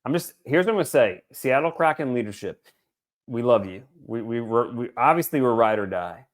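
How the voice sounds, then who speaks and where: A man's voice: mid-range voice, expressive, fairly quick. A man co-hosting a casual podcast about his team, rambling and joking with his co-host and swearing freely. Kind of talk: casual chat.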